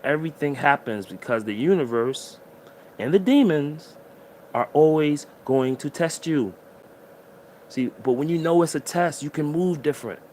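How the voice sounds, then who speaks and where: Emotional man preaching encouragement, fairly high voice. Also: expressive, moderate pace, darkish tone, a little hiss or hum. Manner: emotional and preachy, addresses the listener directly. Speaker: motivational speaker. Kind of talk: motivational monologue.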